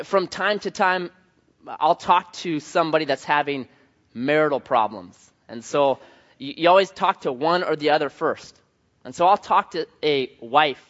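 A man preaching a sermon as pastor, telling stories in an animated way with voiced asides. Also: fairly high pitch, highs cut off.

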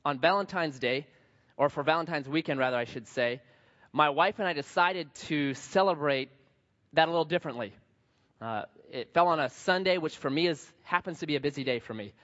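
Male pastor, thirties, relaxed storytelling sermon, higher voice, long hall reverb, muffled sound. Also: fairly quick. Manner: storytelling, playful asides, acts out quotes. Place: church sanctuary.

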